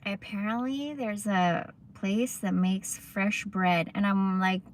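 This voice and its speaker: A woman's voice: mid-range voice, steady tone, takes it slowly, a little hiss or hum. A young woman casually chatting on a livestream, telling rambling stories full of swearing and asides. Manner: rambling, profane, chatty storytelling. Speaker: livestream host.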